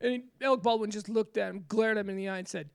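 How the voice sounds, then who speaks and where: A woman hosting a talk radio show, chatting casually and telling a story with lively acted-out quotes. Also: medium pitch, very fast, gravelly. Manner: animated storyteller, acts out quotes.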